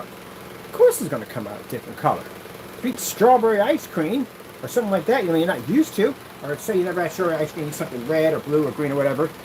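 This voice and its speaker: A man rambling through a casual vlog while testing projection screen paint, animated, jokey and full of tangents. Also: on the high side, noisy background.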